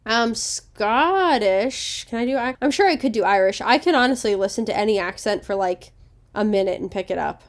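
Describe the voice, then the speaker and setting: Woman co-host, casual podcast chat, confident and chatty, mid-pitched, voice drops soft at the ends. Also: expressive, normal speed.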